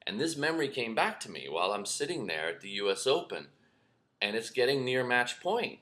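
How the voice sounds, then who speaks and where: A middle-aged man telling a personal story to camera as a spiritual teacher, animated, acting out shouts and whispers. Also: medium pitch, brisk. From lives in New York.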